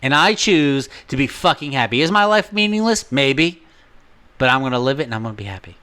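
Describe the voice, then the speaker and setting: A man's voice: medium pitch, sing-song, fairly quick, bright, forceful tone, smooth. A man co-hosting a podcast who talks bluntly and profanely in casual chat. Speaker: podcast co-host.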